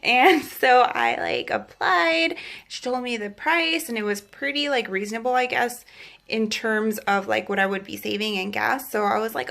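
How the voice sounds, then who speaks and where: A woman's voice: on the high side, animated, moderate pace, creaky, a bit bright. A young woman telling a personal faith testimony in a chatty vlog, full of "like" and acted-out quotes. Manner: chatty, fillers of "like", acts out quotes. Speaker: vlogger. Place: Los Angeles area.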